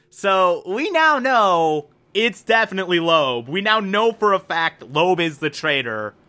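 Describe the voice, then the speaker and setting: A man reviewing a TV episode recaps it casually on a desk mic, enthusiastic and rambling, laughing at himself along the way. His voice is fairly high, pushed and bright.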